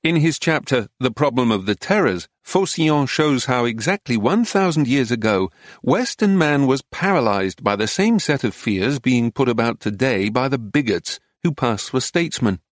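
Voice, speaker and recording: This audiobook of a memoir is read by a male narrator whose pitch sits mid-range and whose storytelling stays calm and steady. It's captured up close on a dry recording with no surrounding room.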